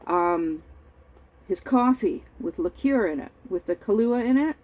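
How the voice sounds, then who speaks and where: A middle-aged woman telling a family story in a rambling, halting way, clearing her throat often and sounding over-tired. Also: mid-range voice, lively intonation, a little mellow, muffled recording. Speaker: crafting vlogger. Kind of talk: casual storytelling while crafting.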